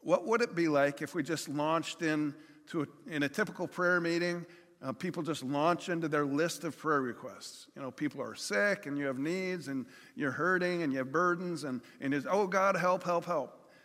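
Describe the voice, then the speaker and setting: A man's voice: a little high, normal speed, fairly bright tone. A man preaching a conversational sermon, with everyday examples and acted-out pleas. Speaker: pastor. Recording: long hall reverb.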